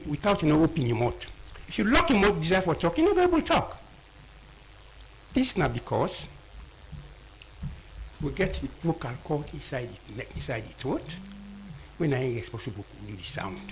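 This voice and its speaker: A man's voice: a little high, a little hiss or hum, low-quality recording. A man with a Sierra Leonean Krio accent, an audiologist explaining ear health as a guest in a radio studio, often repeating key words.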